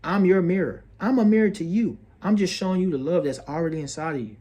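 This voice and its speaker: A man's voice: sits high, fast, warm tone. A man hosting an astrology video, earnest and preachy, repeating phrases and calling the listener bro and sis. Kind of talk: motivational astrology monologue.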